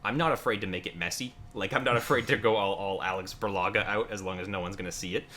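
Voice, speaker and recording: Guest builder, male, very low but bright voice, rambling casual talk with lots of fillers, faint background noise. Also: fast. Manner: rambling, many fillers and restarts. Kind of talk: casual conversation.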